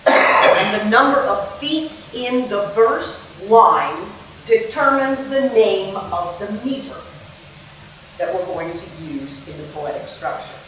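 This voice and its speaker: A woman's voice: mid-range voice, animated, slow pace, fairly bright tone, a little hiss or hum. Playful woman lecturing in an echoey room. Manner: playful, sings and acts out rhythms. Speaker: theatre director. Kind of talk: lecture on verse meter. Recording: echoey room, mic at a distance.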